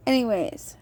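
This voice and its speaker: A woman hosts a podcast, offering a relaxed devotional talk about a book of the Bible. She acts out quotations in a sincere, storytelling manner, and her voice is slightly mellow.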